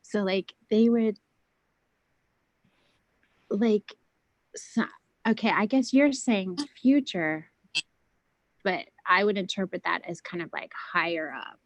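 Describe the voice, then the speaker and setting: A woman's voice: mid-range voice, slow pace, pauses often, dry recording, low-quality recording. A woman chatting casually, rambling and interrupting herself with many fillers, keeping her voice down. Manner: speaks softly to keep her voice down. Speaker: guest on a spiritual round table. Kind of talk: casual chat.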